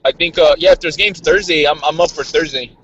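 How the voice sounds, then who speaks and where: A man's voice: on the high side, fairly quick, fairly bright tone. Joking man on a lo-fi podcast. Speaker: podcast panelist. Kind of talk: casual chat.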